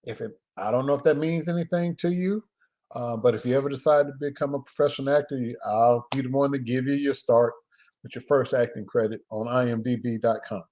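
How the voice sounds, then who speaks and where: A man hosting a casual live stream as a filmmaker, talking in a loose, joking way with laughs and drawn-out pauses. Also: mid-range voice, warm tone.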